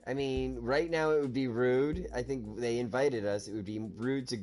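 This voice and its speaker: A man hosting a casual let's-play, chatting with his co-player and reading the game text aloud. His voice sits at a middle pitch and he laughs often. Game music runs underneath. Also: fairly even intonation, normal speed, a little mellow. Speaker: gaming channel co-host.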